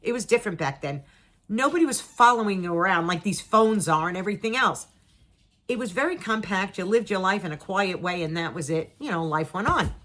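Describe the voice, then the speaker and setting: A middle-aged woman spins a personal story for her viewers, voice at an ordinary middle pitch. She tells it dramatically, acting out her own and other people's lines and repeating words to drive the point home. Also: animated, a little fast, a bit bright. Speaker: vlogger telling a personal story. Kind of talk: casual storytelling to camera.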